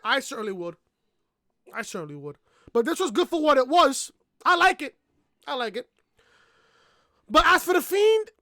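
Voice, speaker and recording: A woman's voice: high-pitched, fairly bright tone, dry recording, clean studio sound. A woman reviewing a wrestling show in a blunt, profane rant, repeating herself and barking "woof" between points, on a laptop webcam mic. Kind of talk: profane ranting review vlog.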